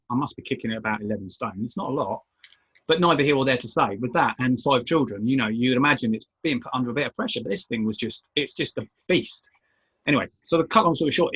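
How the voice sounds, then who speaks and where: Man, British, co-host, husky, rambling, full of fillers, dull recording. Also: mid-range voice, fairly bright tone. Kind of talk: casual chat show. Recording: dull lo-fi sound.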